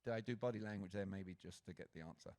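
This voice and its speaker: A man from Britain giving a lively stage talk at a conference, engaging the audience with questions. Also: low-pitched, quick pace. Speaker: conference speaker. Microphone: handheld stage mic.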